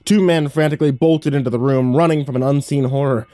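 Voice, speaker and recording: A man narrating a horror story in a slow, dramatic, hushed storytelling manner, as a dry studio voice-over. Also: mid-range voice, steady tone, no echo.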